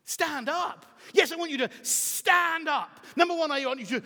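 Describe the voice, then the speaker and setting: A middle-aged man preaching a sermon as pastor, emphatic and swinging from soft to shouting. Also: very high-pitched, moderate pace. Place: church auditorium. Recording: reverberant hall.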